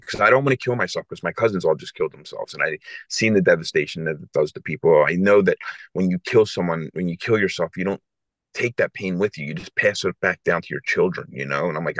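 Deep-voiced man telling a raw story. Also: a bit bright, no echo. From South Philadelphia, USA. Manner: earnest, halting, repeats himself. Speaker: podcast guest. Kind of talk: emotional personal storytelling.

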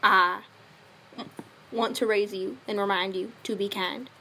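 A woman's voice: medium pitch, fairly even intonation, unhurried, pushed and bright, a little hiss or hum. A woman voicing a doting, stereotypical Southern father with a put-on Southern accent, giving earnest, tender affirmations. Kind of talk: comedic affirmation monologue.

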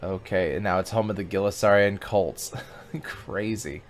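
A man's voice: low voice, a little slow, faint music behind. A man hosting a casual gaming video, chatting and reading game text aloud as he plays. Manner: chatty, reacts aloud and sings snatches of songs.

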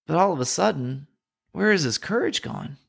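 A man's voice: a little high, animated, moderate pace, vocal fry, fairly bright tone, breathy edge. A man from North Carolina with a Southern American accent, hosting a podcast and giving an earnest, reflective Bible teaching. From North Carolina, USA.

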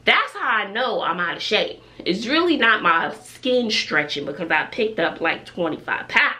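A woman's voice: medium pitch, very animated, normal speed, bright, forceful tone, far from the mic. A woman, a family vlogger chatting casually to camera and musing aloud to herself in her bedroom at home. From Texas. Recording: echoey room, voice off-mic, faint noise.

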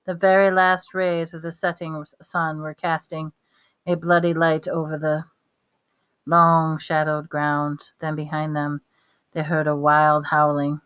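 A woman reading a novel aloud at a steady pace, with small slips and restarts. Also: low-pitched, a little slow, clean tone. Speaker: reader.

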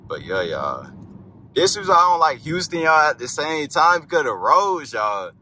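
A young man with a voice on the high side speaks at normal speed, very animated and sharp in tone. Filming a night drive for his car vlog, he rambles loosely, cursing and yelping suddenly at bumps, with faint car noise behind him.

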